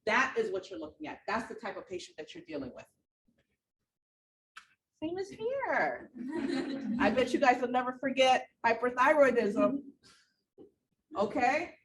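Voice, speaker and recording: A woman teaching a nursing class, lecturing her students with animated, repetitive emphasis and a little out of breath. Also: a little high, a little fast, recorded from a distance. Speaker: nursing instructor. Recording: echoey room, voice from afar, faint background noise.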